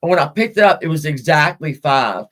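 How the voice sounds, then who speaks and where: A woman's voice: deep voice, lively intonation, a little fast. A middle-aged woman hosting a casual podcast, telling a personal story in a rambling, frank way and swearing freely. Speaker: podcast host.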